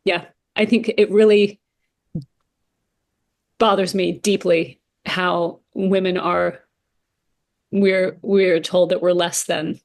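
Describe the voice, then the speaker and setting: A woman's voice: on the low side, little pitch movement, slow, gravelly, long pauses. A woman, a voice coach speaking as a podcast guest, earnest and emphatic, often repeating phrases. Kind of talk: interview conversation.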